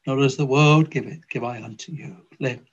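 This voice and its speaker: A man's voice: medium pitch, normal speed, husky. A man leading a congregation in a long extemporaneous prayer, fervent and old-fashioned in his phrasing. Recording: dull lo-fi old recording.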